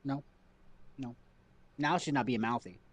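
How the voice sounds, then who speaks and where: A man's voice: medium pitch, a little slow, slightly rough. A man streaming a game from home, chatting casually and rambling to his chat, repeating himself as he goes.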